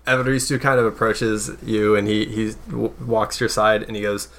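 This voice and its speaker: A man's voice: lowish voice, moderate pace. Laid-back male game master. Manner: relaxed, hesitant narration with fillers. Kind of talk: narrating a tabletop game.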